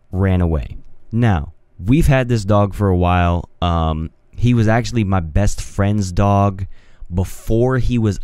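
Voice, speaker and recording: A young man chats through a casual solo podcast, his voice deep and dark in tone. He rambles and hesitates, restarting sentences and filling gaps with ums. The sound is close and dry, with no room around it. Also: smooth, dry recording. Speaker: podcast host. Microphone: studio mic on a home mixer setup.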